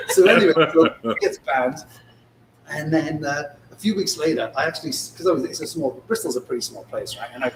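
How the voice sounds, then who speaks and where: A man with a slightly high voice tells casino stories casually and animatedly, acting out the lines of each person. He sits back from the mic in an echoey showroom, with a noisy bustle around him. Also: brisk. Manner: animated anecdote-telling, acts out dialogue. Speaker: casino dealer, podcast co-host. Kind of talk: casual storytelling. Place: showroom, live on location. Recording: echoey room, distant mic, background noise.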